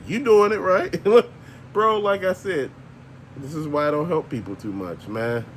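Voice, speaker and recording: A man's voice: fairly high pitch, expressive, measured pace, a little hiss or hum. An older man, ranting bluntly and profanely as a channel host, laughing often. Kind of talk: casual ranting monologue.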